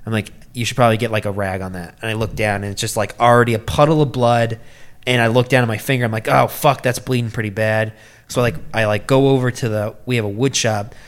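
Animated storytelling man, swearing freely. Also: lowish voice, quick pace. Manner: animated, swearing, acts out quotes in a raised voice. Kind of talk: casual storytelling chat.

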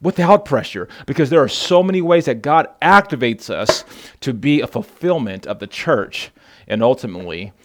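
A male pastor preaching a sermon, emphatic, repeating words and asking the congregation questions. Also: mid-range voice.

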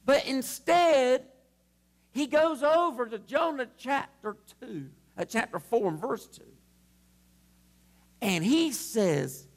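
A male pastor preaching a sermon to his congregation at a church service, impassioned and swelling to shouts. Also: very high voice, animated, takes it slowly, pauses often.

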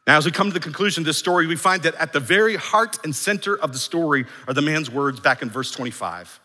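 A male pastor preaches with a bright, forceful voice pitched a little high. His delivery is emphatic, stacking repeated phrases that swell in volume. The sound rings with the long reverb of a large church sanctuary. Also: fast. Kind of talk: sermon.

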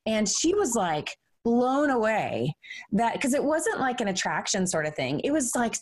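A woman hosting a podcast, telling a story in a casual, animated way and saying "like" often. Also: mid-range voice, moderate pace. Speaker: podcast host.

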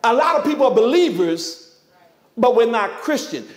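A man's voice: extremely high pitch, very animated, moderate pace. A man preaching a sermon as pastor, emphatic, firing off rhetorical questions and dropping joking asides.

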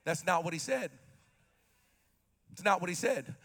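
A male pastor preaching an impassioned sermon, shouting and calling out to the congregation. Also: high voice, expressive, unhurried.

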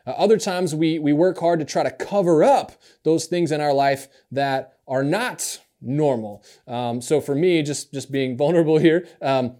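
A man's voice: a little high, moderate pace, few pauses, dark tone. A man from Alabama preaching a conversational sermon as pastor, candid and self-deprecating, often checking in with the congregation. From Alabama, raised in upstate New York.

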